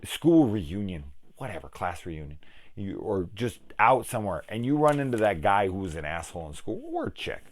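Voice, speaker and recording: A man's voice: fairly low pitch, big pitch swings, moderate pace. A man hosting a film review channel, angrily ranting through a profane spoiler discussion.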